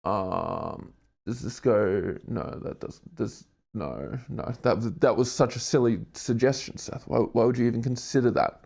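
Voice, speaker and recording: Unhurried and a little mellow, a medium-pitched man's voice with vocal fry belongs to an Australian in his twenties. He's live-streaming as he does a jigsaw puzzle, rambling, joking about himself and casually swearing.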